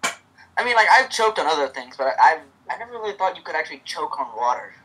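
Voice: mid-range voice, big pitch swings, fast talker, noisy background. The host of a live fanfic reading, narrating and chatting in a rambling way with lots of fillers on a home microphone.

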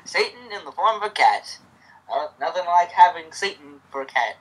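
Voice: mid-range voice, lively intonation, normal speed, fairly bright tone, husky, low-quality recording. The host of a live fanfic reading, narrating and chatting in a rambling way with lots of fillers on a home microphone.

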